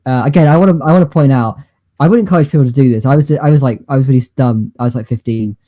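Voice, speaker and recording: Man, podcast co-host, mellow dark tone, halting rambling delivery. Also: medium pitch, no room sound. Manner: rambling, halting, lots of fillers and restarts. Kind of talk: casual chat.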